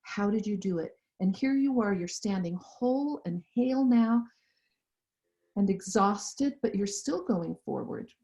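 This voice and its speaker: A woman's voice: mid-range voice, expressive, unhurried, warm tone. A woman guest in an interview, speaking in an earnest, impassioned way. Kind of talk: interview conversation. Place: lives in Central Europe. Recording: dull, muffled audio.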